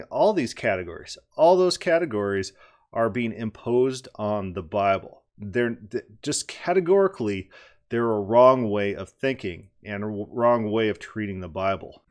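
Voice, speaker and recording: Man, emphatic commentary, argumentative, repeats himself for stress, mid pitch. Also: lively intonation, normal speed. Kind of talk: critical commentary on a debate clip.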